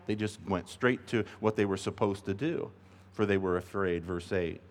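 A man preaching a sermon as a pastor, emphatic and animated, acting out the voices he quotes. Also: moderate pace. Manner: emphatic, acts out quoted voices, rises in pitch when pleading. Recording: long reverb of a large hall.

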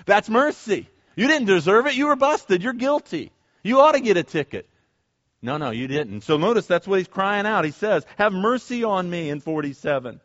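A fairly high-voiced man preaching, casual and chatty, then pleading hard. The sound is dull and muffled. His voice hangs in a long sanctuary reverb. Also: fairly bright tone. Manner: conversational, builds to fervent pleading. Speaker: pastor. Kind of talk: sermon.

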